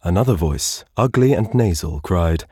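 A man narrating an audiobook in a measured, expressive storytelling manner. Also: sits low, slightly rough, dry recording, studio quality. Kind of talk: audiobook reading.

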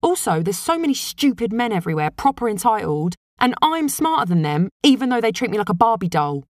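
A woman's voice: very animated, no echo, clean studio sound. A woman doing a whiny uni student. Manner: whiny, fast, higher-pitched.

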